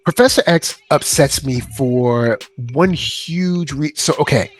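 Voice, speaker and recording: A man hosting a casual fan chat about a cartoon, animated and joking, acting out characters as he talks. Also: on the high side, slow pace, faint music behind. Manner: animated, acts out characters in skits. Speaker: podcast host.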